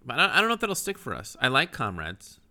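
A man's voice: medium pitch, wildly swooping pitch, quick pace, pushed and bright. A man co-hosting a podcast in casual, teasing chat. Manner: teasing, joking. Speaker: podcast co-host.

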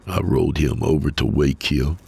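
A man giving a steady, measured first-person reading of a scripted horror story. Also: a bass voice, gravelly, breathy edge, no echo. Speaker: narrator.

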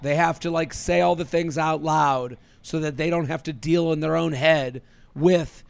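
A man in his thirties co-hosting a casual chat, rambling and animated, full of "like". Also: fairly high pitch, normal speed, creaky, smooth, no room sound. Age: 30s. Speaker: podcast co-host.

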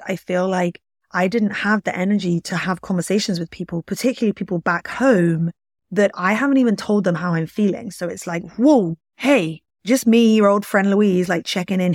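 Candid woman talking low and close. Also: dry recording. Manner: candid, confessional, heavy use of "like". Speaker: podcast host. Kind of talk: solo podcast, personal reflection.

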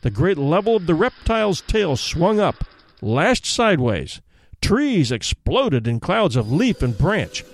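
A man reads a story aloud with dramatic, measured narration. His voice sits a little high and moves expressively up and down. He slows down and drops low for the quiet, grim moments. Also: sing-song.

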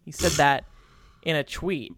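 A man's voice: fairly high pitch, a little slow, a bit bright, dry recording, clean studio sound. A man playing Jesus as God's easygoing son and co-host of a comedy podcast, reading out news items. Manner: easygoing, laughs often, reads out news items. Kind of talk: improvised comedy podcast chat.

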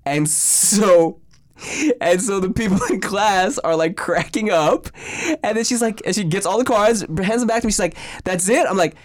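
A man's voice: sits high, normal speed, dry recording. A young man telling funny stories in a casual chat, swearing freely and acting out the people in them. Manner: animated, swearing, acts out voices in stories.

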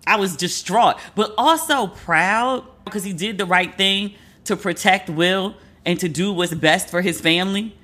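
Woman, 40s, solo podcast host, animated and chatty, acts out quotes. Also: mid-range voice, unhurried. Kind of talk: casual solo commentary.

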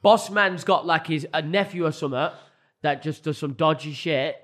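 A man co-hosting a podcast, telling stories in excitable casual chat and swearing often. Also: on the high side, normal speed. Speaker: podcast co-host.

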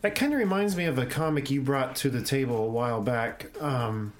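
A man co-hosting a podcast, relaxed in casual chat and chiming in with reactions. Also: mid-range voice, a little fast, soft background music. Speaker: podcast co-host.

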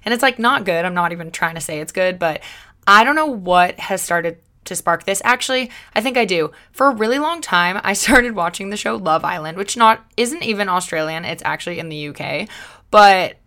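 A woman's voice: lowish voice, normal speed. A woman hosting her own podcast alone, chatting casually in a bubbly, upbeat way and giving encouraging pep talks. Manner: bubbly, chatty and upbeat, with excited loud greetings; encouraging, motivational pep talk. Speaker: podcast host. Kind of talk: solo podcast monologue, casual chat.

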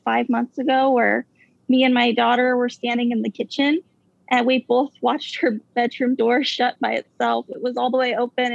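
A woman telling a ghost story in a casual, halting way, full of fillers and nervous asides. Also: a little high, gravelly, no room sound. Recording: dull, dry lo-fi sound.

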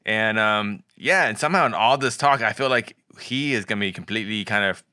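Bright laughing man, dry sound. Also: fairly low pitch, brisk, no room sound. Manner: laughing, animated storytelling. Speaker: podcast co-host. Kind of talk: casual sports chat.

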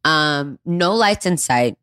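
A woman in her twenties, co-hosting a podcast and telling a story in a candid, animated way. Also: low-pitched, slow pace, clear, resonant tone. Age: 20s. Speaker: podcast co-host. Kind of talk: casual chat.

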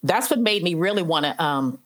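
A woman's voice: on the low side, expressive, unhurried. A middle-aged woman, a probation officer, telling stories in an interview in an earnest, heartfelt way with many "you know" fillers. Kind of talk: conversational storytelling interview.

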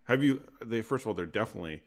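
A man's voice: fairly low pitch, expressive, rapid-fire. A man co-hosting a casual podcast chat, argumentative and incredulous as he makes his points. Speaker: podcast co-host.

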